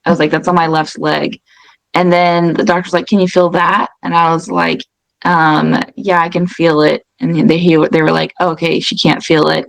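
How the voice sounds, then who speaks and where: A woman's voice: low voice, level tone, moderate pace, vocal fry, no room sound, poor audio. A woman in casual chat, telling her own story in a conversational way, often stopping to rephrase. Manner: conversational, with frequent restarts and fillers.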